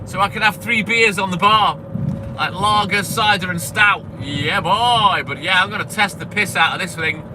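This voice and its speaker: Male streamer, high-pitched and chatty, swears often, loud road noise on a phone mic. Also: moderate pace. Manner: chatty, swears freely, greets chat by name. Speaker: milkman streamer. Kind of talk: casual live-stream chat while driving. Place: in a vehicle on a delivery round. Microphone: phone camera. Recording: noisy with street and car sound. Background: car and street noise.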